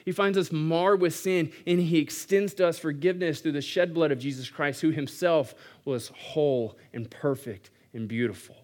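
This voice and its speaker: Animated preaching man, conversational and playful. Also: mid-range voice. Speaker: pastor. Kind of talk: sermon.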